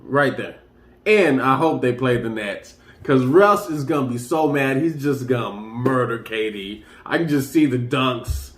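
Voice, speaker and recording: A man's voice: mid-range voice, unhurried, a bit bright, reverberant. A man hosting a casual sports talk show, rambling loosely and getting hyped as he runs through the news. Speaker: sports commentary host.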